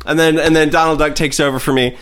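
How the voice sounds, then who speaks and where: A man's voice: fairly high pitch, fairly even intonation, quick pace, background noise. A man in his thirties co-hosting a podcast, rambling and joking with lots of fillers. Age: 30s. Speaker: podcast co-host. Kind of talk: casual chat.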